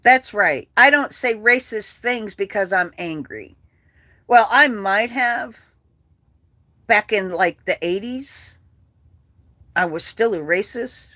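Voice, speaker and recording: An older woman hosts a casual livestream, reading viewer comments aloud while ranting bluntly and swearing. Her mid-range voice is animated, bright and forceful, moving at a slow pace with frequent pauses. There's no room sound.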